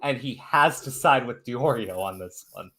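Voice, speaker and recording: A man co-hosting a casual group podcast, talking in an excitable, sarcastic way. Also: moderate pace. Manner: excitable, sarcastic, swings up and down in pitch. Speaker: podcast co-host.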